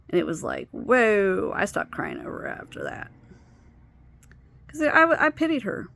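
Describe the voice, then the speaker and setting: A woman's voice: lowish voice, gravelly, no room sound. A woman vlogger candidly telling a painful personal story, swearing and sometimes dropping to a near whisper. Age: adult stepmother of a teenager.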